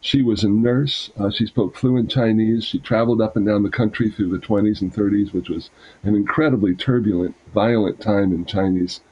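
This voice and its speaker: A man's voice: on the low side, fairly even intonation, moderate pace, a little mellow, breathy edge, highs cut off. A man reading aloud from a memoir, then explaining it with fillers and restarts.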